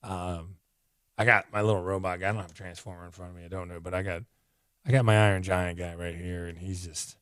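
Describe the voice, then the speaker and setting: Winded guy rambling excitedly about a comic, lots of "like", lowish voice, dry sound. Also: fast talker, clear, resonant tone, no echo. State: out of breath, voice fading. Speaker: comic book reviewer. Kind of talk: casual video review.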